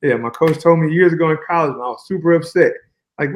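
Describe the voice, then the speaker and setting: Guy on a call chatting easy and slangy, voice sits a bit high, just keeps the story rolling. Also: quick pace, lo-fi sound. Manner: relaxed, colloquial, long flowing stories. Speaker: guest fighter. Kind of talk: casual interview talk.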